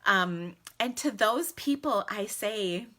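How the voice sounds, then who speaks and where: A woman in her forties hosting a casual crafting live stream from home, bubbly and chatty and quick to laugh, talking into her phone camera. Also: medium pitch, expressive, a bit bright. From United States. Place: at home indoors. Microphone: phone camera in selfie mode.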